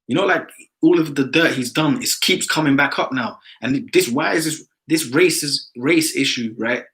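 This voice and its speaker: A man's voice: a little high, normal speed, fairly bright tone, low-quality recording. A man with a London accent talking emphatically in a casual religious discussion, often tagging "man" onto his points. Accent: London English. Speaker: discussion participant.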